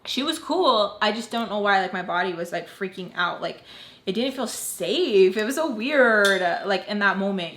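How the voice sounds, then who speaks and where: A woman's voice: medium pitch, a bit bright. A young woman telling a personal story to her viewers in a casual, chatty way, using "like" constantly. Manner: chatty, heavy use of "like", addresses viewers as "you guys". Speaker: storytime vlogger. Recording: roomy echo.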